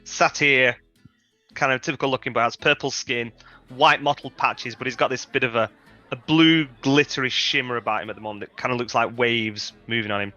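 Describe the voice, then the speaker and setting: Bright-voiced man describing his character. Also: mid-range voice, brisk, lo-fi sound, faint music behind. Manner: easygoing, with fillers and restarts. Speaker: player.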